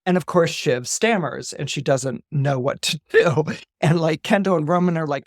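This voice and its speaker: A man's voice: fairly high pitch, moderate pace, dry recording, clean studio sound. A man, an astrologer guest on a podcast, retelling a story with animation, often repeating words and acting out the dialogue.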